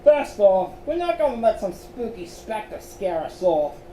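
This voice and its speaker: A sure-footed storybook girl counting off points one by one, as a man voices her. Slightly raised, mellow voice in a roomy echo. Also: sits high, very animated, slight background noise, pitched above the performer's own voice. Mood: resolute. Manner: brisk and methodical. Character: confident young girl Heather laying out a plan.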